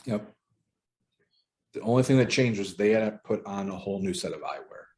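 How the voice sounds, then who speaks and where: Low-pitched man leading a casual book study over a video call, relaxed and chatty. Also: fairly quick. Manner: relaxed, conversational, uses filler ums. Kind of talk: casual group discussion. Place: home.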